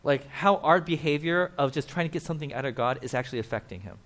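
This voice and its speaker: A man's voice: fairly high pitch, fast, fairly bright tone. A man preaching a casual, conversational sermon at a church, explaining with asides and acting out quotes. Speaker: pastor.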